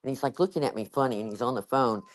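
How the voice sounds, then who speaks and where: A man tells stories in loose, rambling chat. He leans on fillers and laughs often as he talks. His pitch sits in a middle range for a man. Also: racing. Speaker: guest. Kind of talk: casual chat.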